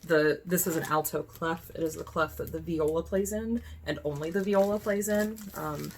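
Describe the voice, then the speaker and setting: Gravelly-voiced chatty Midwestern woman. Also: low-pitched, a little hiss or hum. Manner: chatty, self-correcting, talks to herself while handling items. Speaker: cross-stitch vlogger. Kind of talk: casual show-and-tell chat. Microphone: phone camera.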